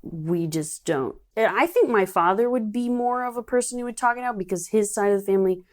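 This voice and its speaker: A woman speaking as a guest, relaxed, frank and reflective in casual conversation. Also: mid-range voice, brisk. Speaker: guest, bookstore co-owner.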